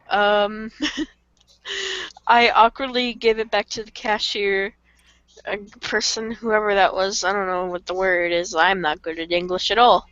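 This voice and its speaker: A woman's voice: medium pitch, fairly bright tone, clean tone, no echo. Giggly young woman on a lo-fi call. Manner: giggly, self-mocking, many fillers. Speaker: podcast co-host. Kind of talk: casual storytelling chat on a voice call. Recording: dull lo-fi call audio, dry.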